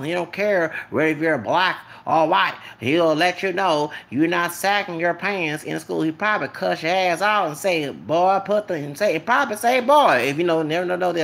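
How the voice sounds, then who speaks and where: Gravelly man rambling on. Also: a little high, a bit bright. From Texas. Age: late 30s. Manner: rambling, repetitive, keeps asking "okay?". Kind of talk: casual vlog monologue.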